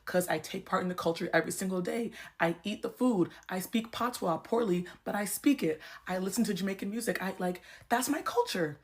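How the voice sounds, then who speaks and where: A woman's voice: mid-range voice, brisk, hardly any pauses. A woman from the United States ranting to camera, laying out her argument step by step with lots of rhetorical questions. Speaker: social media creator.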